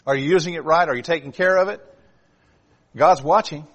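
A man's voice: fairly high pitch, a little fast, fairly bright tone. Male preacher, emphatic sermon delivery with direct questions to the pews. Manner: emphatic, rising and dropping for emphasis; asks the congregation direct questions.

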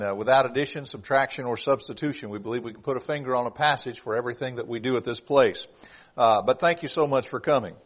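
A middle-aged man preaching a sermon, moving from a calm welcome to loud, emphatic preaching and often repeating words as he restarts. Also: medium pitch.

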